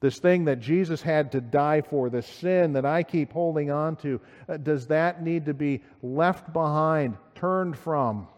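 A man preaching a sermon as pastor, earnest, voice rising with emphasis and then dropping low and quiet. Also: a little slow, hardly any pauses, long reverb tail. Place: church sanctuary.

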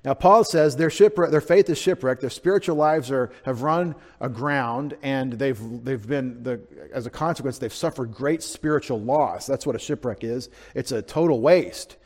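A male pastor delivers an expository sermon, talking through the text in an easy, conversational way. He lifts his voice sharply for emphasis now and then. The sound carries a long church reverb at a mid pitch. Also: moderate pace, hardly any pauses. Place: church sanctuary.

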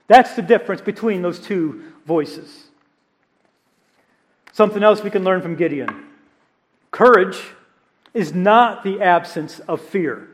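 A man with a high voice preaches from a church stage. He retells his story with animated energy and plays each quoted voice himself. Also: measured pace, pauses often. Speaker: pastor. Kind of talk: sermon.

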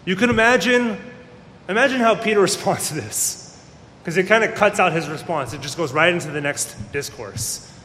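A man's voice: animated, moderate pace, sharp tone. A man preaching a sermon as a pastor, talking casually and acting out the people he quotes. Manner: conversational, acts out quoted voices. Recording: echoey hall with faint rumble.

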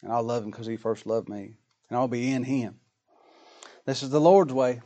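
A man's voice: medium pitch, moderate pace, mellow, soft background music. A man preaching a sermon in a folksy, dramatic style, with plain colloquial grammar and rising, emphatic lines.

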